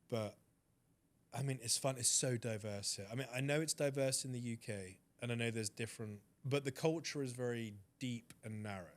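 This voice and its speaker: A man with an English accent, a guest telling stories in a casual chat. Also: medium pitch. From Britain. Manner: animated storyteller. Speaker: interview guest.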